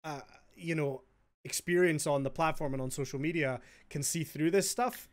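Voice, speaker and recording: A man hosting a podcast in casual chat, chatty and quick to laugh as he retells stories. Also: on the high side. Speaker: podcast host.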